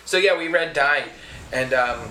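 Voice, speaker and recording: A man's voice: a little high, moderate pace, bright, forceful tone, echoey room, a little hiss or hum. An American man co-hosting a podcast in casual, teasing banter. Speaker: podcast co-host.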